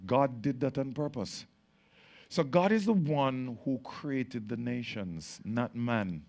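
A male pastor preaching at a slow, deliberate pace. His voice sits in a middle register, sinks low and soft for solemn lines, and climbs high and loud when he gets worked up. He leans into words and lets them hang. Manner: slow, drawn-out preaching that swings from quiet to loud and excited. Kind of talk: sermon.

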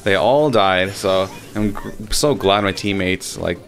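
A young man giving casual gameplay commentary, swearing freely and getting loudly frustrated. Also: low voice, unhurried, soft background music. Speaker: gaming channel host.

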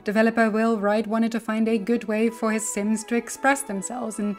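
A woman who is not American, a linguist, reading a scripted explainer in a clear, measured, lightly humorous way. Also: fairly high pitch, flat delivery, darkish tone, soft background music. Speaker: linguist presenting a video essay.

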